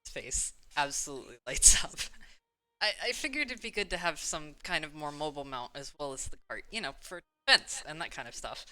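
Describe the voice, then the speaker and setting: A woman's voice: deep voice, lively intonation, brisk, bright, forceful tone. A woman playing a tabletop game, hesitant and giggly as she describes her character. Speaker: player. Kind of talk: casual tabletop play.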